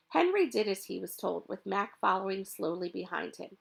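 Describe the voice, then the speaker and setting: A woman reading a children's chapter book aloud in a lively, expressive way. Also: mid-range voice, moderate pace, gravelly, few pauses, husky. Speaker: reader. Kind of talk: storybook read-aloud.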